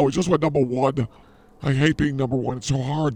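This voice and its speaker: A male podcast co-host bragging and ribbing his partner in playful banter. His voice has a gravelly, fry-heavy texture at a middle pitch. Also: fairly even intonation, fairly quick, warm tone, dry recording. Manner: boastful, mock-arrogant teasing. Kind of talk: comedic banter.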